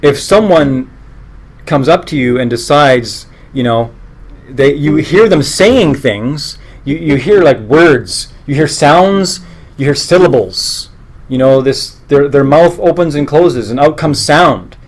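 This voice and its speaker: A man with a fairly high voice and lively intonation teaches a live meditation class, speaking slowly. He's earnest and conversational, interrupting himself to restart sentences and slipping in joking asides.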